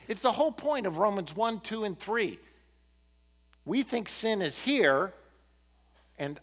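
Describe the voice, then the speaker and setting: A man preaching a sermon as pastor, impassioned, swinging from emphatic peaks to quiet, earnest moments. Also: high-pitched, sing-song, unhurried, long pauses. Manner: impassioned, rising to emphatic peaks then dropping to quiet prayer.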